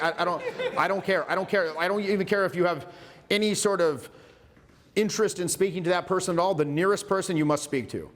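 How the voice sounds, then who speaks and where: A man in his forties lectures on social skills to a room, animated and loose, dropping the odd swear. His voice sits a bit high for a man, and a long hall reverb trails after it. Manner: animated, acts out little dialogues, casual swearing. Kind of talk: workshop lecture.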